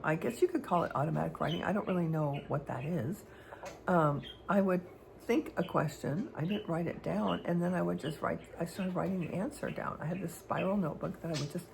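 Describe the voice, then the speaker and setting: A woman's voice: on the low side, creaky, a little mellow, a little hiss or hum. A woman vlogger telling personal stories in a rambling, hesitant way, full of fillers and restarts. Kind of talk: candid personal storytelling.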